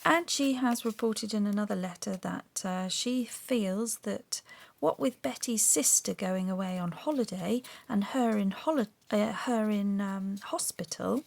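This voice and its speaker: A middle-aged woman with a Surrey and Sussex English accent, talking softly and often half-whispering as she narrates a craft journal video and reads aloud. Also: medium pitch, a little slow, gravelly. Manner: soft-spoken, often drifting into a half-whisper. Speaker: craft vlogger.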